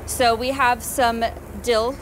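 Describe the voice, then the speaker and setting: A woman's voice: a little high, flat delivery, slow pace, background noise. A woman leading a cooking demonstration on a TV show, friendly and agreeable as she walks through each step.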